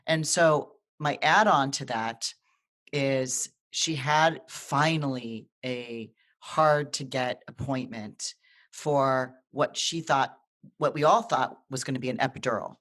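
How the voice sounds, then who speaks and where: An astrologer co-host chatting casually on a live video. The voice sits at a middling pitch and tells stories animatedly, often stopping, restarting and repeating words. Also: slow pace, fairly bright tone. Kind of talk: casual live video chat, telling a personal story.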